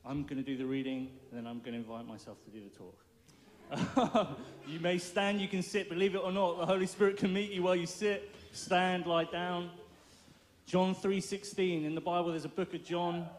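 Playful high-voiced male preacher. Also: fairly even intonation, normal speed. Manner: playful, jokey, laughs often. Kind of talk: lively informal sermon.

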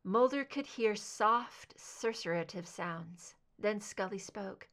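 A woman narrating a fan fiction audiobook in a steady, even storytelling manner. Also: medium pitch, takes it slowly, hardly any pauses. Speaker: audiobook reader.

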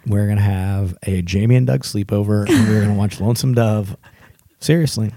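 Low-voiced man rambling on a podcast. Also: fairly even intonation, a little fast, warm tone, no echo, studio quality. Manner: rambling, enthusiastic, crude jokes. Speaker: podcast co-host. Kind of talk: casual chat.

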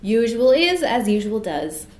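A woman doing a calm, wry zoo bear. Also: fairly high pitch, a little slow, roomy sound, voice pushed up. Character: polite, calm male bear at a gate.

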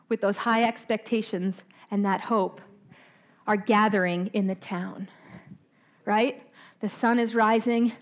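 A woman preaching a sermon in a conversational way, asking her listeners questions and often tagging "right?", slowing down on key points. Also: on the high side. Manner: slows down for emphasis.

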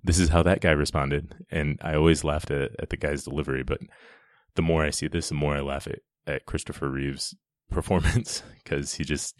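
A man's voice: extremely low pitch, level tone, moderate pace, no room sound, studio quality. A man giving a casual, enthusiastic commentary on a film scene, chatty and often restarting his sentences.

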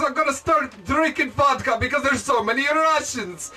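A man's voice: high-pitched, fast, hardly any pauses, sharp tone. A man hosting a podcast in loose casual chat, rambling with lots of "like" and laughing often. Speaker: podcast host. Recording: distant mic with music behind.

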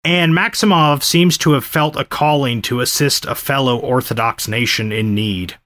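A man's voice: mid-range voice, moderate pace, fairly bright tone. A man hosting a podcast, telling a history story in a casual, explanatory way. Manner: conversational, explanatory. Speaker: podcast host.

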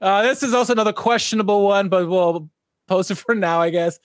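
A man's voice: high-pitched, brisk, no room sound, studio quality. A man co-hosting a casual podcast, reading out posts and laughing often. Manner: laughs often, reads out tweets. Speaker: podcast co-host. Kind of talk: casual chat.

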